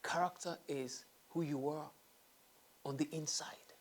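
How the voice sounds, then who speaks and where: A man's voice: a little high, fairly even intonation, a little slow. Emphatic man hosting a talk show. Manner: emphatic, repeats key phrases, drops to a whisper for stress. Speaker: host. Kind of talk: earnest talk-show monologue.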